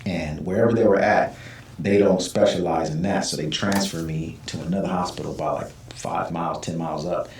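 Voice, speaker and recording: A deep-voiced man tells a personal story in a relaxed interview, and he acts out the other people in it with quick shifts of voice. He sits some way back from the mic in an echoey room. A faint hum of room noise runs under the talk. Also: distant mic. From Southern California. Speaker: guest.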